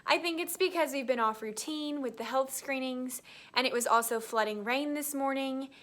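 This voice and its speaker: A woman's voice: high voice, normal speed, a bit bright. A young woman, an elementary school teacher talking in a casual, chatty vlog and laughing often.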